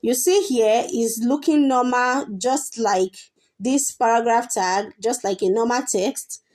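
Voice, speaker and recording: A woman's voice: fairly high pitch, a little slow, a little mellow. A woman teaching a coding lesson, explaining each step patiently with frequent fillers and repetition. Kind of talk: screen-share coding tutorial.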